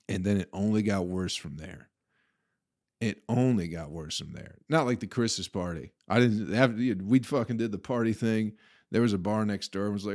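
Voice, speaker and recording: A young man hosting a podcast, casually telling a profane, laughing story about a party. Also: lowish voice. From Flint, Michigan. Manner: profane, laughing, animated retelling. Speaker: podcast host.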